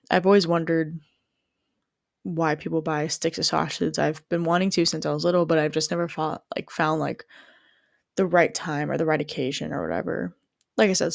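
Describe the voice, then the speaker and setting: A woman's voice: low voice, gravelly, dry recording, clean studio sound. A young woman telling a personal story and musing on whether she is a good person, rambling with plenty of "like" and restarts. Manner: rambling, heavy use of "like", frequent restarts.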